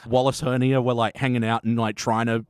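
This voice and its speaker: A man's voice: medium pitch, level tone, brisk, clean tone, no echo, clean studio sound. A man co-hosting a casual podcast, blunt and sarcastic, swearing freely. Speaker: podcast co-host.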